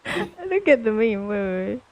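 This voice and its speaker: A woman's voice: medium pitch, very animated, moderate pace. A woman chatting off to the side and giggling while reacting to memes. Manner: giggly, amused. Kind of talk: casual reaction chat.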